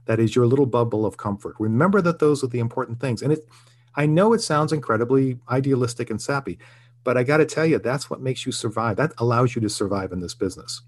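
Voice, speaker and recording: An older man speaks in a relaxed interview, earnest and reflective. He tells his stories with a steady, middle-range voice. He keeps doubling back and restarting his sentences. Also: medium pitch, quick pace. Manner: reflective, earnest storytelling with frequent restarts and chuckles. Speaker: guest, TV writer and producer. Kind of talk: casual interview conversation.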